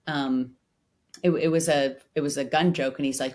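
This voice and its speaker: A woman's voice: rumbling low, steady tone, normal speed, a little mellow. A woman comedian who is a guest on a podcast, talking casually and reflectively with many fillers. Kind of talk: casual conversational podcast chat.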